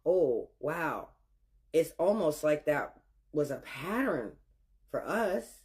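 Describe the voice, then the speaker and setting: A man's voice: a little high, very animated, slow pace, a little mellow. A man giving blunt, scolding reaction commentary.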